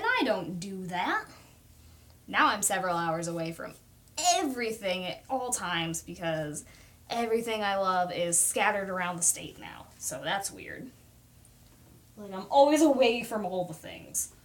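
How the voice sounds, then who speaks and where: A woman's voice: mid-range voice, big pitch swings, unhurried. A young woman chatting casually on a livestream while she paints, talking through her process, reading viewer comments aloud and poking fun at herself. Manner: chatty, self-deprecating, reads out viewer comments.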